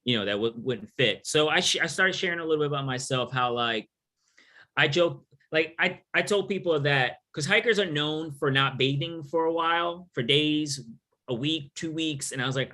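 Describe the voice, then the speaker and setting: Man, middle-aged, from New York City, bright clear tone, animated, joking storyteller. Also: fairly high pitch, moderate pace. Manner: animated, joking, acts out quoted voices. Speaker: author and thru-hiker guest. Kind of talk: casual storytelling Q&A.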